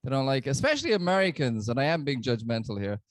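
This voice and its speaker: A man with an Irish accent doing a stand-up comedy set, self-deprecating and deadpan. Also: mid-range voice, fast, background noise. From Ireland.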